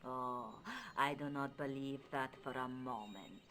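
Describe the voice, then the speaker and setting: An actress voicing a proud, formal countess in a video game, with an imperious, dramatic manner. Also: female voice, a bass voice, unhurried, fairly bright tone, slight background noise. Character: proud Spanish countess, haughty, bitter, later hopeful.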